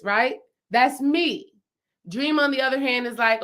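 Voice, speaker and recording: A woman's voice: a little high, a little slow, fairly bright tone. A woman speaking as a spiritual healing coach in a casual teaching talk, emphatic and chatty. She repeats phrases for stress and keeps asking her viewers questions. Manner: chatty, asks the audience questions.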